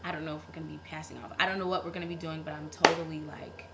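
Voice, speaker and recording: Woman, young adult, deep low voice, heartfelt, rambling, casual vlog, faint hum behind. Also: flat delivery, very fast. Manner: earnest and heartfelt, rambling with many fillers. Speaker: vlogger.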